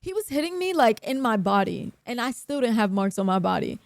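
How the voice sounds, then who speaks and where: Animated, profane young woman telling a story. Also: a little high, fairly quick, creaky, no room sound, clean studio sound. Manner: animated, profane, acts out other people's lines. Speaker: streamer. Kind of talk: casual storytelling on a live stream.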